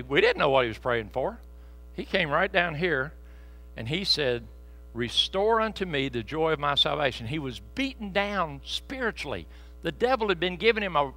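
Male pastor, folksy storyteller with a bright, forceful, slightly high voice, soft asides building to loud peaks. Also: poor audio. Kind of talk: sermon. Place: church sanctuary. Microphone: handheld microphone.

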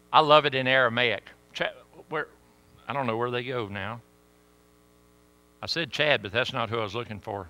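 A man preaching a sermon with sudden swings between loud emphasis and hushed asides. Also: mid-range voice, no echo.

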